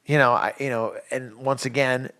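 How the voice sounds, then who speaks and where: A middle-aged man co-hosting a parenting podcast, talking in a relaxed, rambling way and dropping lower when he gets confiding. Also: normal speed. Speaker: podcast co-host. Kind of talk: casual conversational podcast.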